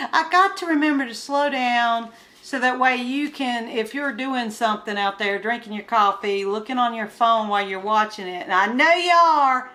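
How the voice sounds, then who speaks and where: Speaking at a moderate pace in a fairly high, pushed and bright voice, this woman unboxes craft kits at home for her vlog. She talks directly to her viewers in a chatty way, growing exasperated when things go wrong.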